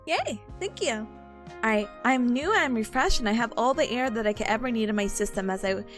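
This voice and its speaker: A woman's voice: a little high, lively intonation, fairly quick, faint music behind. A woman streamer chatting live with her viewers, bubbly and giggly, rambling as she goes.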